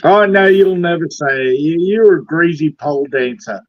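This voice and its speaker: High-voiced man trading crude insults. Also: moderate pace, dry recording, dull audio. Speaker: livestream guest. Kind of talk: casual livestream banter.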